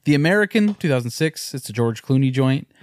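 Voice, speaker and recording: A man's voice: mid-range voice, lively intonation, fairly quick. A man co-hosting a podcast, chatting casually and joking, with lots of swearing. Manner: laid-back, profane, joking. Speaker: podcast co-host. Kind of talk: casual chat.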